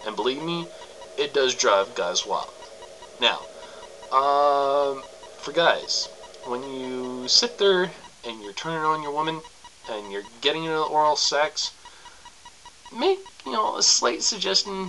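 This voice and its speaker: A young man rambles through crude advice in a bright, tense voice, breaking off with coughs and laughs. The recording carries a faint background hiss. He sounds loose and unscripted. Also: on the high side, big pitch swings, slow, long pauses, rough recording. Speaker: vlogger giving sex tips. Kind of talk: casual to-camera advice.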